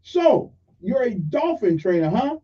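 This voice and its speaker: A furious, bullying driver hollers his threats in a high, strained voice, as a man acts him out. He shouts rather than talks. The sound is dull and lo-fi, like an old radio broadcast. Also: animated, takes it slowly, heavily acted. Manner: yelling threats. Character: enraged male driver, bullying and loud.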